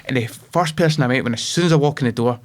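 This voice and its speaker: A Scottish man in his twenties, a guest telling his life story in an interview, emotional and animated. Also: mid-range voice, fast. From Scotland.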